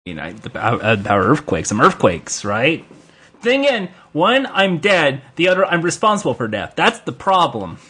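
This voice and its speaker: A man jokes around on a comedy podcast with a slightly husky voice. His pitch swings widely and sits a bit high. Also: huge pitch swings, moderate pace, sharp tone. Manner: goofy, riffing on jokes. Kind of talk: casual comedic chat.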